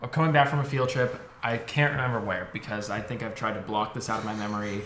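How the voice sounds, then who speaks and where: A man's voice: fairly low pitch, steady tone, fast talker, fairly bright tone. A young man co-hosting a podcast, telling a story in casual chat, swearing and acting out the voices of the people in it. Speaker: podcast co-host. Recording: echoey room with faint noise.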